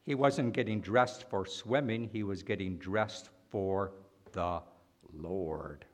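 A man preaching a sermon, animated and full of rhetorical questions and dramatic pauses. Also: low-pitched.

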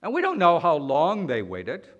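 A man preaching a sermon, slow and deliberate, swinging between loud emphatic lines and quiet ones. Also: a little high, wildly swooping pitch, lo-fi sound.

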